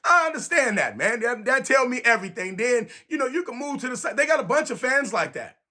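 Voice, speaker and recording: High, bright-voiced Bay man ranting. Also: brisk. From San Francisco. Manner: animated, emphatic, repeats phrases. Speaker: sports fan vlogger. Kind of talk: casual fan rant to camera.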